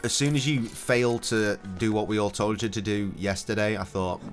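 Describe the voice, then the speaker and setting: Sweary streamer, lowish voice. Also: male voice, fairly even intonation, normal speed, soft background music. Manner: sweary, cheeky banter. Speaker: gaming streamer. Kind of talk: casual commentary with storytelling. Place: home, indoors.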